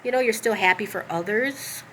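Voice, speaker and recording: A woman with a bright, forceful voice recounts a painful personal story, talking in a loose, animated way with plenty of asides. A faint hiss of noise sits under her voice. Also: medium pitch, moderate pace, low-quality recording. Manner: animated, rambling, with many asides and fillers. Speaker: vlogger telling a personal story.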